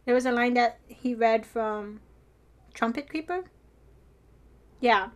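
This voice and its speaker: A young woman casually recapping a drama episode, animated and laughing often, with casual swearing. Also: on the high side, takes it slowly.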